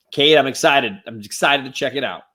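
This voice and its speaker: Enthusiastic man chatting on a live stream, middle pitch, casual. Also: measured pace. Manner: enthusiastic, animated shout-outs. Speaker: guest co-host.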